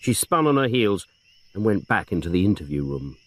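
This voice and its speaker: A man reading a crime novel aloud in scripted narration, with dry, expressive storytelling. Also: fairly low pitch, a little fast, no room sound. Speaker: reader.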